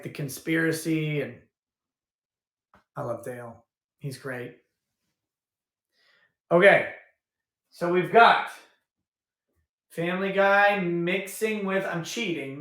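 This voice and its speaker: A man's voice: fairly high pitch, slow pace, long pauses, a bit bright. A man hosting a casual livestream, rambling and thinking aloud as he goes, often restarting his sentences. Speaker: livestream host. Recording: roomy echo.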